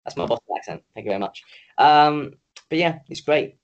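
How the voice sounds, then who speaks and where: A man's voice: a little high, animated, a little fast, highs cut off. A man co-hosting a podcast in casual chat, ranting, swearing freely and teasing his co-host.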